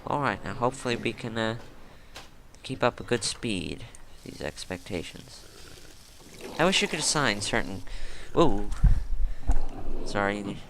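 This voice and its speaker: A man's voice: lowish voice, animated, unhurried, fairly bright tone, slight background noise. A man giving casual gameplay commentary, musing and thinking aloud as he plays.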